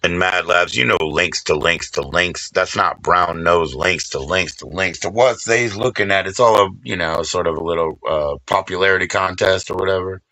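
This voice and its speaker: A man streaming live, rambling and swearing casually while he shouts out viewers by name. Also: low voice, moderate pace, hardly any pauses, dry recording, low-quality recording.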